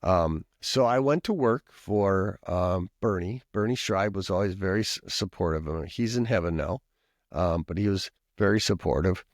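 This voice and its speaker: Low-voiced man from Minnesota telling stories. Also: normal speed, no echo, clean studio sound. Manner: rambling, with frequent coughs and asides. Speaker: pastor and professor, podcast guest. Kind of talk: conversational storytelling.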